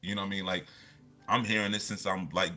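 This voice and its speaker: A man's voice: low voice, level tone, fast talker, bright, forceful tone. A man, a motivational speaker, telling personal stories in a loose, rambling way, with lots of restarts and repeated fillers. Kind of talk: casual storytelling talk.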